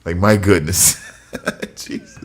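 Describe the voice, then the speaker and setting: A man's voice: deep voice, fairly even intonation, takes it slowly, a little hiss or hum. A man co-hosting a casual podcast chat, laughing a lot and mock-scolding a friend with teasing banter. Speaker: podcast co-host.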